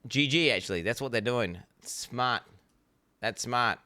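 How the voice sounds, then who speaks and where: A man's voice: mid-range voice, measured pace, pushed and bright, no room sound. A man, streaming and giving blunt, rambling reaction commentary, swearing freely.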